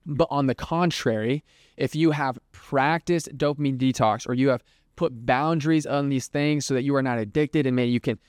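A young man teaching in a loose, chatty way, full of "like"s and little acted-out quotes. His voice is smooth and resonant, recorded close and dry with no room sound. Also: medium pitch, normal speed, no room sound. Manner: conversational, filler-heavy, lots of "like", acts out hypothetical quotes. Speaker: podcast host. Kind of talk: casual Christian teaching monologue.

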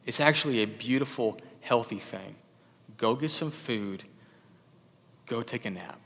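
A man preaching a sermon in a conversational way, swinging from loud emphatic bursts to soft low asides. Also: moderate pace, big-room sound. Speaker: pastor.

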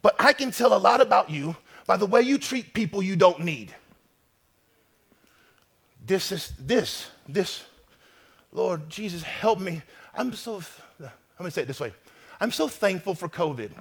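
A man preaching a sermon as pastor, emphatic and swinging between loud declarations and hushed asides. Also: high voice, sing-song, moderate pace, vocal fry, pauses often, husky. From North America.

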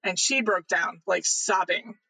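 A man with a high, bright voice shares a personal story of faith as a podcast guest. He speaks earnestly and with animation, and his voice sits close and dry with no room sound. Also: unhurried, creaky, slightly rough, no echo, rough recording.

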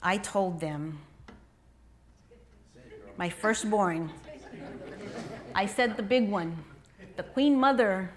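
A woman's voice: mid-range voice, a little slow, pauses often, a faint crowd. A middle-aged woman, a pastor's wife, giving a conversational sermon to mothers, telling a personal story and asking her listeners questions. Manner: conversational, asks the audience questions. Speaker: pastor's wife speaking to moms.

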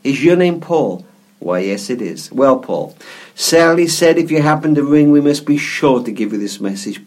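Gentle reflective male storyteller. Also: a little high, lively intonation, normal speed. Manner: gentle, reflective storyteller who repeats words as he goes. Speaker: guest author and speaker. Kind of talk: storytelling in an interview.

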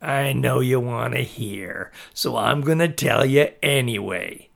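A man's voice: mid-range voice, takes it slowly, creaky, exaggerated voice. A man voicing an ugly, scaly, horned male monster who hisses and mocks, in a spoken storybook. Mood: sly. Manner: hissing, mocking.

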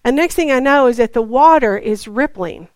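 A woman's voice: on the high side, lively intonation, moderate pace, no room sound. A woman preaching in a chatty storytelling way, acting out her talks with God. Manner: chatty, acts out dialogue with God. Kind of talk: storytelling sermon.

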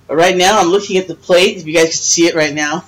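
A woman's voice: on the low side, fairly even intonation, quick pace, low-quality recording. Chatty, teasing older woman. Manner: chatty, laughs often, teasing. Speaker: podcast host. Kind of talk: casual chat. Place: friend's house, dim room.

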